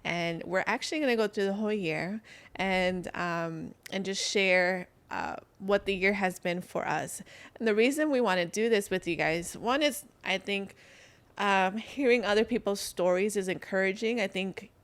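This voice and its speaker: A woman's voice: mid-range voice, moderate pace. A woman co-hosting a casual podcast, upbeat and steering the talk to the next topic. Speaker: podcast co-host. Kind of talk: casual chat.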